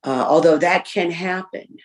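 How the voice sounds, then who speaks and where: A woman giving a candid personal share in a recovery group, reflective and pausing often with fillers. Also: lowish voice. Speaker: speaker sharing in a recovery group. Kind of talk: personal recovery share, reading list points.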